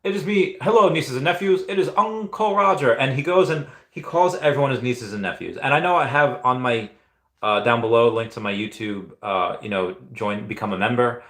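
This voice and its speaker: Reading out comments during a casual live stream, this Peruvian-born man in his thirties rambles, halts, and restarts often. His lowish voice has a fairly bright tone and sounds like it's in an echoey room.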